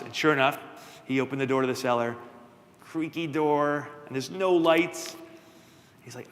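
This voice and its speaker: A man telling a children's story at a worship service, playful and lively, with asides to his listeners. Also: mid-range voice, normal speed. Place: church sanctuary. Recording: long church reverb.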